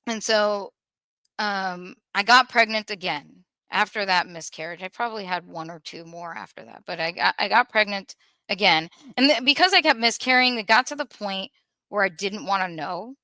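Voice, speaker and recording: A woman telling a painful personal story in an emotional, earnest way, pausing and restarting as she holds back tears. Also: mid-range voice, bright, forceful tone, no room sound. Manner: earnest, halting, with restarts and pauses. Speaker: podcast guest sharing a personal story.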